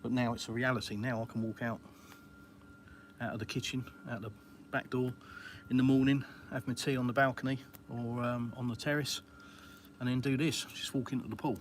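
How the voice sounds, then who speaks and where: Middle-aged English bloke, casual live-stream host, mid-pitched and rambling, faint outdoor hiss behind him. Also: male voice, fairly quick. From England. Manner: chatty and relaxed, British slang, many fillers. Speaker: vlogger answering viewers live. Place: outdoors by a home swimming pool.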